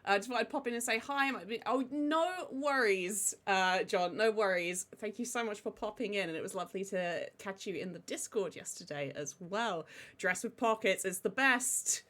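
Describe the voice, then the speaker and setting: A woman's voice: medium pitch, moderate pace, fairly bright tone. A woman, chatting casually on a live stream and greeting viewers one by one by name.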